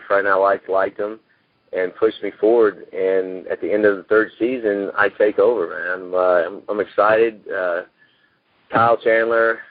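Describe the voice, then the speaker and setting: A man's voice: lowish voice, dry recording. Folksy man on a tinny phone line. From Texas. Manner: rambling, folksy, lots of "you know". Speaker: actor guest. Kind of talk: casual interview talk.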